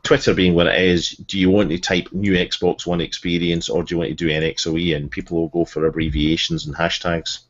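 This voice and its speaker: A man with a measured, explanatory way of talking, the resident expert on a podcast. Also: sits low, flat delivery, dull audio. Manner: measured, explanatory, many restarts. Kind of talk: casual group chat.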